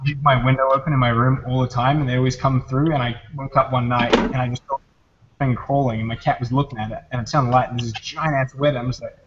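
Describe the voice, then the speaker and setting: A man with a New Zealand accent telling stories in a relaxed way with lots of fillers, in casual chat on a video call. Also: mid-range voice, fast talker. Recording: muffled video-call audio with faint hiss.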